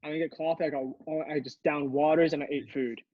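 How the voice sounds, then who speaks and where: A young man with a fairly high voice tells a rambling, laughing story on a podcast, restarting his sentences often. His mic sounds dry and a little dull. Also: fairly even intonation, fast, dry recording. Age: young adult. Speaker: podcast co-host. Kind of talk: casual storytelling chat.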